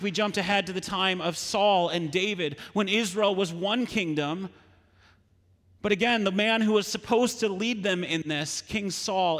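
A pastor preaching a sermon, retelling a story with frequent rhetorical questions. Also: male voice, high-pitched, fairly bright tone, in a large hall.

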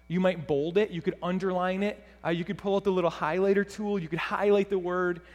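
A man with a notably high voice delivers a sermon from a church sanctuary. His words ring out with a long hall echo, and he talks earnestly, often restarting phrases and repeating words. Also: darkish tone. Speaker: pastor. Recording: reverberant hall.

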